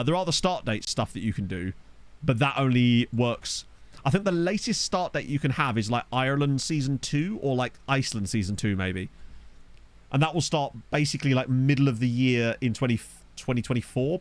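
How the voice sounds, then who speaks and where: A lively, chatty man with a medium-pitched voice plays games on a desktop USB microphone. As a gaming YouTuber doing let's-play commentary, he swears casually and laughs at his own jokes.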